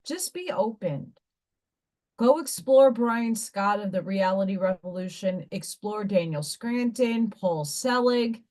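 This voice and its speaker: A woman's voice: medium pitch, animated, slow pace, darkish tone. A woman hosting a livestream, talking candidly and rambling, with casual swearing, and reading oracle card messages aloud. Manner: reads card messages aloud between chat.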